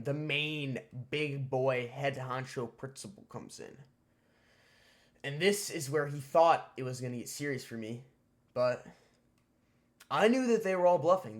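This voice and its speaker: A teenage boy streamer telling a story casually, profane and rambling with lots of fillers. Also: medium pitch. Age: teens.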